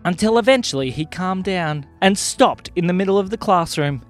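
A man telling a children's story with a bright, animated voice that rises high and swings widely. Faint music plays under him. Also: normal speed. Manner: lively, playful storytelling. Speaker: podcast storyteller.

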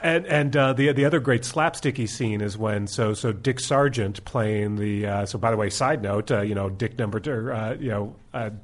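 A man's voice: lowish voice, normal speed, hardly any pauses. A man in casual podcast chat, easygoing, often chiming in with agreement. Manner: easygoing, frequent backchannel agreement.

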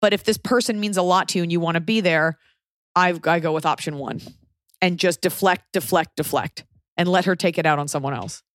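A woman's voice: a little fast, dry recording, studio quality. A woman hosting an advice podcast, blunt and sarcastic, acting out quoted people in a casual chat. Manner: blunt, sarcastic, acts out quoted people with big pitch jumps. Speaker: podcast host giving advice.

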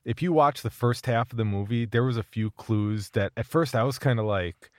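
A man's voice: medium pitch, moderate pace, dry recording, clean studio sound. A young man from Minnesota with a Minnesotan accent, co-hosting a podcast in casual, rambling chat and laughing often. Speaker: podcast co-host.

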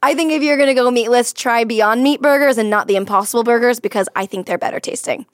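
Brisk woman host, bright pitch, dry. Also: no echo. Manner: brisk, moves things along, laughs often. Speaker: podcast host. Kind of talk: comedic advice podcast.

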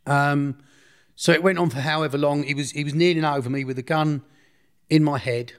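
A man's voice: on the high side, fairly even intonation, fairly quick, clear, resonant tone. A man recounting a personal story in an interview, blunt and slangy, often restarting his sentences.

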